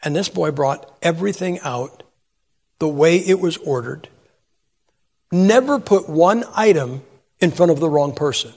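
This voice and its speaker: A man's voice: on the high side, animated, a little slow, long pauses, darkish tone, long reverb tail. An older man preaching a sermon, telling stories and putting questions to his audience. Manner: storytelling, asks the audience questions. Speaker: pastor.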